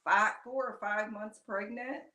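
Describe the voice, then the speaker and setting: A woman's voice: mid-range voice, steady tone, unhurried, bright, forceful tone. A woman guest chatting casually on a live stream, laughing easily as she talks. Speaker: guest crafter.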